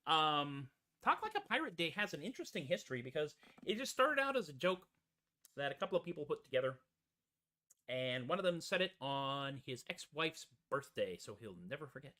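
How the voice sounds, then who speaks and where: A man's voice: on the high side, sing-song, a little fast, sharp tone. A man hosting his own show, chatting casually with rambling, self-mocking jokes. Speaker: host and musician. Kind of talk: casual chatty stage patter. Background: ukulele.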